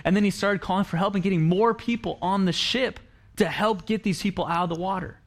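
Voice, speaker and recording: A man preaching in a church in a chatty, storytelling way. His voice sits a little on the high side, and he slips into quoted lines to act out the people in his story. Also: fairly quick. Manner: conversational preaching, acts out quoted lines, frequent restarts. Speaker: pastor. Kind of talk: sermon.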